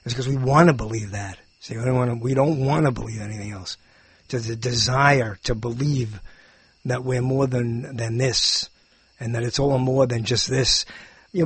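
A man's voice: mid-range voice, breathy edge, dry recording. An older man rambling through a meandering, self-interrupting monologue, chuckling as he muses.

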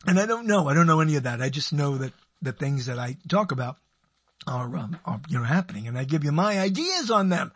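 A man's voice: on the high side, animated, quick pace, husky, no echo. A man hosting a solo talk show, rambling through digressions with playful asides. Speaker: show host.

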